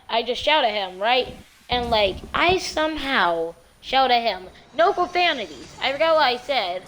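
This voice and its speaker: A woman casually telling a true story on her vlog in a rambling, slangy, animated way. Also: high voice, a little hiss or hum.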